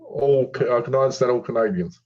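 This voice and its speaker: A man's voice: medium pitch, a little fast, lo-fi sound. A man co-hosting a casual livestream chat, talking conversationally and often checking in with "you know what I mean?".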